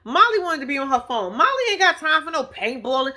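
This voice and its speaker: A woman with a bright, sharp, slightly high voice talks straight to her viewers in a casual reaction recap. She is blunt and sassy, with plenty of slang and cursing, and she laughs often. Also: very animated, quick pace. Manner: slangy and profane, addresses viewers directly. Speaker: vlogger recapping a reality show.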